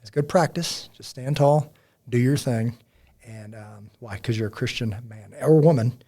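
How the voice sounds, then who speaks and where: A man hosting a casual faith podcast, telling stories in a rambling, animated way with many fillers. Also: medium pitch, a little slow. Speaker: podcast host.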